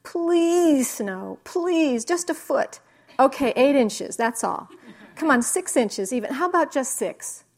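Woman doing Calvin, a bossy shouting little boy. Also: high-pitched, lively intonation, slow pace, pitched above the performer's own voice, full character voice. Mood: pleading.

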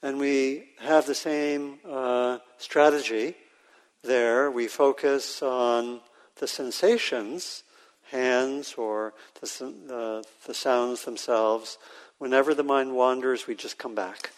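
A man teaching meditation to a live group, speaking slowly with frequent pauses and fillers. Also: mid-range voice, fairly even intonation. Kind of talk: guided meditation instruction. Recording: reverberant hall sound.

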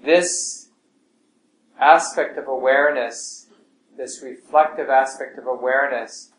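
A man teaching a meditation class in a calm, unhurried way, often letting his voice trail off softly. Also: medium pitch. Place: class room at a meditation center. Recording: roomy with faint background hiss.

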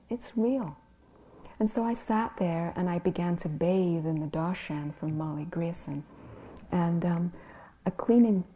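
A woman who is a physician and meditation teacher, giving a gentle dharma talk and often dropping to a near whisper. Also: sits low.

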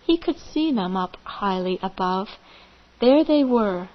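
A woman meditation teacher telling a parable gently, in measured phrases with vivid pauses. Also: mid-range voice, expressive, dull audio. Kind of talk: slow storytelling of a parable.

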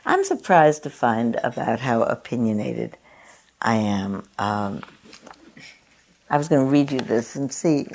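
A woman's voice: rumbling low, expressive, unhurried, long pauses, darkish tone. A woman meditation teacher giving a dharma talk at a meditation center, chatty and self-mocking, often laughing at herself.

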